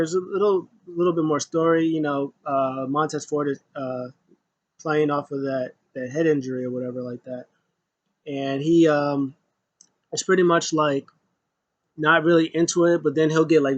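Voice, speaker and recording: Guy rambling thru a wrestling recap, kinda high voice, dull lo-fi audio. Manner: rambling, many fillers and restarts, acts out quotes in a high voice. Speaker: wrestling show reviewer. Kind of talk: casual recap commentary.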